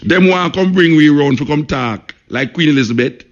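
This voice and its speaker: A man's voice: a little high, moderate pace. Jamaican man talking on lo-fi radio. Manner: emphatic, repeats himself, peppers speech with "you know". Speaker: radio talk show host. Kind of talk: casual radio talk.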